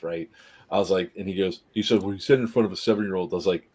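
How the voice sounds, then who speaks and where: A man telling a story casually on a live stream, animated, laughing often and acting out the people in it. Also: deep voice, quick pace, husky.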